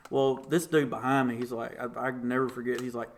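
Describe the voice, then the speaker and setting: A young man, a podcast guest telling a story casually and acting out the voices in it. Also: fairly quick. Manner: animated, acts out quotes with big pitch jumps.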